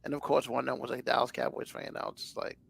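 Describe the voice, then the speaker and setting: A man's voice: medium pitch, flat delivery, fast, gravelly, fairly bright tone, breathy edge. A man co-hosting a podcast, chatting casually in a rambling way full of fillers. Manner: rambling, loose, lots of fillers. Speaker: podcast co-host. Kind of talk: casual chat.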